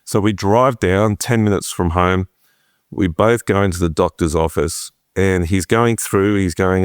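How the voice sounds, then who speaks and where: A middle-aged preacher telling his story at home, animated and acting out what others said. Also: low voice, unhurried, clear, resonant tone, no echo, clean studio sound. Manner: animated, acts out quotes, chats with his wife. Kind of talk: conversational storytelling interview.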